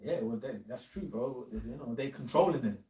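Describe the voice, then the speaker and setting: A man's voice: mid-range voice, fairly quick, mellow, far from the mic. A man in a rambling casual chat, full of slang and often calling others "man". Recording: echoey room, off mic.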